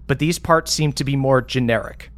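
A man's voice: mid-range voice, moderate pace. Man casually narrating a tabletop game. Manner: casual, hesitant narration with many fillers. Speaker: game master.

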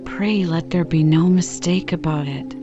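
A woman reading the part of a mild, fussy older male banker, polite and measured, in a dull lo-fi recording with music behind. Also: deep voice.

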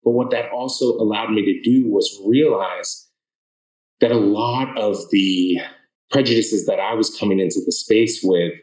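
Earnest, animated man in a roomy space. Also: lowish voice, measured pace. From Boston area, Massachusetts. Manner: earnest, animated storytelling with frequent restarts. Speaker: author guest. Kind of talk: conversational interview answers.

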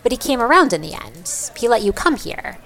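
A woman's voice: on the high side, sing-song, a little fast, fairly bright tone, faint music behind. A woman interviewing in conversation, curious and probing.

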